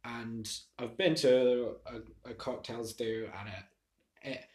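A man's voice: medium pitch, steady tone, takes it slowly, darkish tone. A young man co-hosting a podcast, chatting casually and hesitantly with frequent restarts and fillers. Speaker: podcast co-host. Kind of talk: casual chat. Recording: roomy echo.

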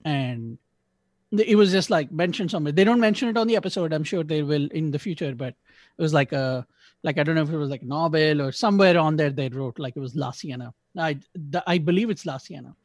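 Male podcast host, slightly higher voice, dry close sound, rambling casual review. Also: brisk, no echo. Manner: rambling, self-correcting, joking asides. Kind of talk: casual episode review chat.

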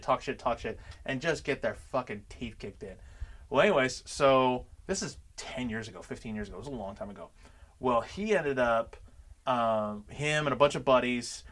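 A man's voice: medium pitch, brisk. A man telling stories in casual chat, swearing freely and acting out quotes. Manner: profane, animated storyteller acting out quotes. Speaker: podcast co-host.

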